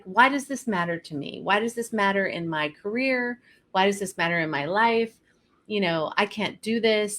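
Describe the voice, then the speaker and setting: A woman's voice: medium pitch, fairly bright tone. Heartfelt woman coach talking to viewers. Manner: heartfelt, confessional, speaks to viewers directly. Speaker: coach and host. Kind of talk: candid talk to camera.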